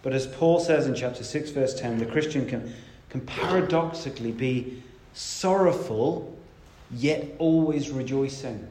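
A man's voice: mid-range voice, unhurried, darkish tone, reverberant, slight background noise. A man preaching a sermon in a conversational, emphatic way, stressing key words.

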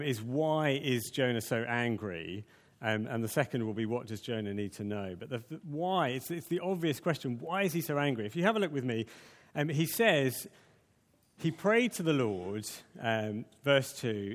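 A man's voice: medium pitch, expressive, normal speed, big-room sound. A man preaching a conversational sermon, full of fillers and restarts.

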